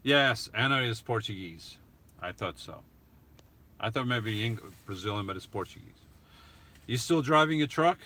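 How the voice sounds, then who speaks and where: A man answering viewers' questions in a casual live stream, talking haltingly with restarts and soft chuckles. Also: medium pitch, animated.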